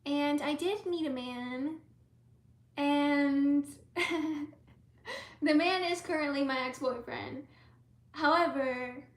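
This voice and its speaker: A young woman giving tarot readings on a live stream in a casual, dreamy way, often slipping into soft whispers. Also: sits high, reverberant.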